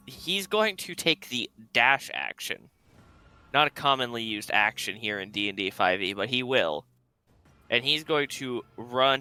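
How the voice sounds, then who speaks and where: Bright crisp-voiced guy at a tabletop game, playful, spells out every move. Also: mid-range voice. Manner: playful, describes his moves step by step. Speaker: player. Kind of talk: casual tabletop play.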